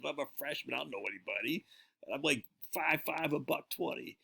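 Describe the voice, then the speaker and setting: Hosting his own show, this man from Peaks Island, Maine, rambles chattily through stories and fixes his own wording along the way. His medium-pitched voice is husky, creaky and fairly bright, and he talks fast.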